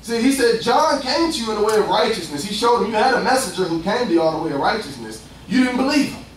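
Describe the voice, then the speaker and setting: A young man preaching a lively, conversational sermon, acting out voices and laughing often. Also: high-pitched, quick pace. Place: church. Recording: echoey distant room sound.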